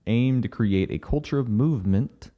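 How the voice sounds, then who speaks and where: A man's voice: mid-range voice, normal speed, muffled recording. A man co-hosting a casual podcast, giving direct, practical advice. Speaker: podcast co-host.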